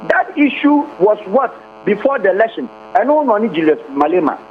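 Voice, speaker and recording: Heard through a faintly humming, tinny phone connection, a man offers passionate political commentary on the radio at a moderate pace. His pitch is high and swings widely, and he alternates Twi with English while throwing out one rhetorical question after another.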